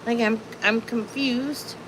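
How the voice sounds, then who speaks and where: An unhurried woman talks to her livestream viewers from home. She sounds chatty and incredulous. Faint household sounds can be heard behind her. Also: on the high side, steady tone, background noise. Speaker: livestream host. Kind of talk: casual livestream chat. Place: home with dogs nearby.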